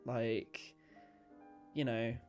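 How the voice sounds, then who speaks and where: A man's voice: medium pitch, level tone, drawn-out words. Brief: young male podcast host, casual chatty film talk, crude, laughs a lot, faint music behind. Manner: chatty, swearing, laughing often. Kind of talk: casual podcast chat about films.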